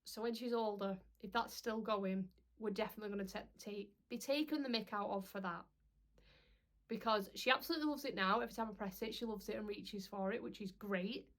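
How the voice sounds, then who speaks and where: A woman's voice: mid-range voice, steady tone, brisk, fairly bright tone. A young woman, chatting casually to camera as a parenting vlogger, rambling with lots of "um"s.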